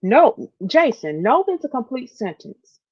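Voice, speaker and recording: A woman's voice: sits high, very animated, unhurried, breathy edge. A woman hosting a podcast, talking to her listeners with heartfelt emphasis, repeating phrases and calling them y'all, close to tears. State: near tears. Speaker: podcast host. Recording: dull lo-fi audio.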